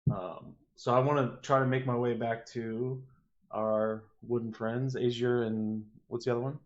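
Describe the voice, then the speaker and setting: A man's voice: mid-range voice, flat delivery, unhurried. Easygoing male player, casual game talk, dull lo-fi sound. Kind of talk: casual tabletop play. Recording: slightly dull lo-fi audio.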